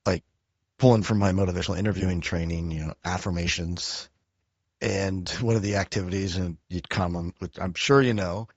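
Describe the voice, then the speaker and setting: A man hosting a podcast, talking in a relaxed, chatty way with lots of fillers. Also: deep voice, fairly quick, no echo, dull audio. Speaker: podcast host. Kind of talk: casual interview chat.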